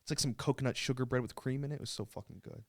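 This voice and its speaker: A man co-hosting a podcast in casual chat, laid-back and halting, with lots of fillers and swearing. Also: mid-range voice, gravelly. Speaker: podcast co-host.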